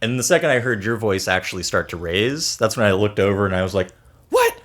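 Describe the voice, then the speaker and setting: A young man co-hosting a podcast, telling a story in casual chat with lots of laughing. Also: quick pace. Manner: lively, laughing storytelling with big pitch jumps. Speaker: podcast co-host.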